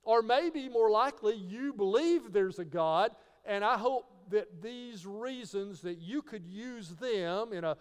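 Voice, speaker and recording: This Christian teacher's high-pitched voice sounds clean against long reverb. In his apologetics talk he poses rhetorical questions and spells out key words one letter at a time.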